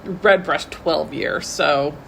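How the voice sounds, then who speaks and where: A woman co-hosting a casual whiskey tasting, chatty and quick to laugh at herself. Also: sits low, vocal fry, fairly bright tone, a little hiss or hum. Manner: chatty, laughs often, self-deprecating.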